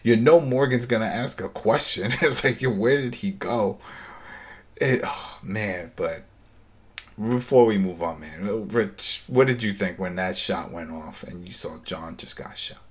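A man hosting a casual chat, retelling a TV episode in an animated way and acting out the lines. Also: lowish voice. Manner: animated storytelling, acting out scenes, quick laughs. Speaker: podcast host recapping a TV episode.

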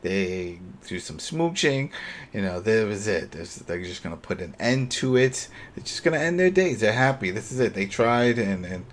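Animated man recapping a show. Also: on the low side, normal speed, a little hiss or hum. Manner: animated retelling, acts out characters' lines. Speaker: podcast co-host. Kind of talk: casual recap chat.

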